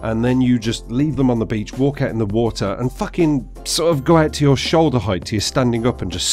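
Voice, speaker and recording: A man's voice: mid-range voice, fairly quick, few pauses, soft background music. A man ranting sarcastically and swearing through his commentary over gameplay. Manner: animated, sarcastic, sweary rant. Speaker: gaming commentator.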